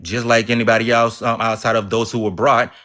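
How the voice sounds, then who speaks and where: A middle-aged man speaks quickly as a guest in a live-stream debate, often hesitating and starting his sentences over. His voice sits at an ordinary pitch. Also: little pitch movement, a bit bright. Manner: fast, hesitant, restarts when interrupted. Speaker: guest caller.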